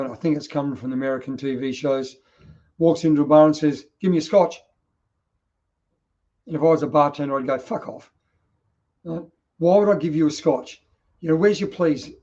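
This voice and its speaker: A man's voice: fairly high pitch, a little mellow, muffled recording. A middle-aged man with an Australian accent, talking bluntly and passionately in a casual monologue and swearing freely. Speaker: podcast host.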